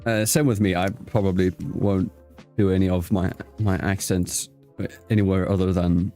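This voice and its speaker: A man's voice: sits low, flat delivery, normal speed, dark tone, faint music behind. Laid-back man hosting a chatty interview. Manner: laughs often, swears casually, frequent restarts. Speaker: host. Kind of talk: casual interview chat.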